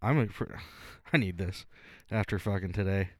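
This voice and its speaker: Profane joking podcast co-host, low voice. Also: male voice, normal speed, no echo. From Nebraska, USA. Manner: profane, joking, animated storytelling. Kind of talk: casual beer-tasting chat.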